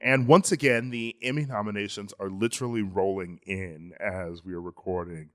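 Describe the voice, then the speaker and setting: On a podcast he co-hosts, a man talks pop culture casually, in a playful, enthusiastic manner broken by frequent laughs. His pitch is fairly low and his tone steady and fairly bright. His pace is moderate.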